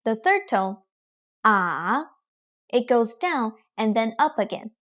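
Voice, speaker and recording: A young adult woman teaching Mandarin pronunciation in a scripted lesson, speaking slowly and carefully, demonstrating sounds. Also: on the high side, animated.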